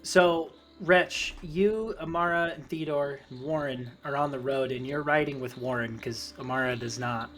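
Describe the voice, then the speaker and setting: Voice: mid-range voice, normal speed, hardly any pauses, a bit bright, faint music behind. A game master narrating a tabletop game casually, with many fillers.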